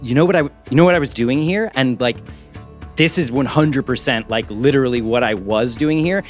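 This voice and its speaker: A man's voice: medium pitch, fairly quick, faint music behind, lightly acted. A man voicing a flustered goblin woman who rambles and stammers defensively at her brother. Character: flustered goblin woman, bickering younger sister.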